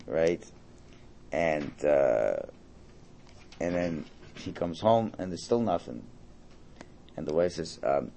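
A man's voice: very deep voice, lively intonation, slow pace, gravelly, pauses often, warm tone, a little hiss or hum. A middle-aged man teaching a religious class. He translates a Hebrew text aloud in a conversational, jokey way, with many restarts.

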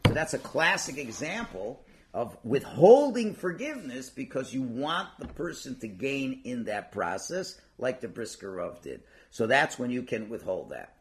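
A man's voice: mid-range voice, sing-song, normal speed, slight background noise. A man teaching through a casually told story, acting out its characters with many fillers. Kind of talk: casual spoken storytelling lesson.

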